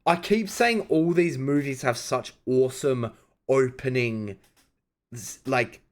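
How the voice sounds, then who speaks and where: A young man reacting to films in casual commentary, excitable, swearing and laughing. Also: mid-range voice, slow. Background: film music playing.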